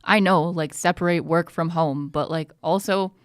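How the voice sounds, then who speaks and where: Woman cohost chatting about hockey, kinda low voice, dry close sound, lots of "like". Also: fairly even intonation, moderate pace, smooth, dry recording. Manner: chatty, lots of "like" fillers, upbeat fan talk. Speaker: podcast co-host. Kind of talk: casual sports chat.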